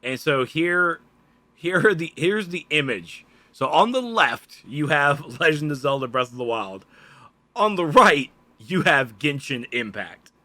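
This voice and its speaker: A man with a Southern American accent co-hosting a casual gaming news show in an animated, chatty way. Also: fairly high pitch, unhurried, no room sound. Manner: animated, laughing, loose and chatty. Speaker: podcast co-host.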